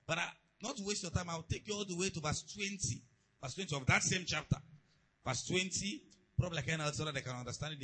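A man preaching a sermon to a church, calling out questions and leading the congregation in shouted declarations. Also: on the high side, breathy edge, poor audio. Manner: call-and-response, building to shouted declarations.

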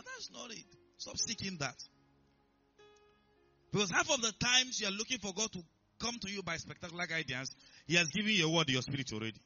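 A man's voice: sits high, big pitch swings, fairly quick, pauses often, sharp tone, lo-fi sound, soft background music. A man preaching a sermon in church, emphatic and repetitive, often asking if listeners are following. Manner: emphatic, repeats himself, checks in with listeners. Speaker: pastor.

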